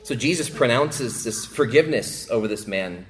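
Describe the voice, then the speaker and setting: Man, pastor, sermon, ordinary middle pitch, emphatic then hushed, repeats key phrases. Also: expressive, moderate pace. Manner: swings between emphatic raised passages and hushed quiet ones.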